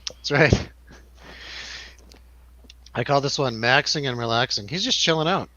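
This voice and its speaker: A man with a bright, forceful voice hosts a loose film review chat, laughing easily as he jokes. The sound is dry and close, with a slightly dull, lo-fi tone. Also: medium pitch, unhurried, no room sound. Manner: laughs often, loose and joking. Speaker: radio show host.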